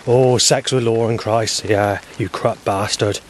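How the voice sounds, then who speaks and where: With a lowish, steady voice at a measured pace, a man talks agitatedly and swears heavily while vlogging on an outdoor walk. He records this rambling video diary on a handheld camera he stops himself, and a faint hiss or hum is audible.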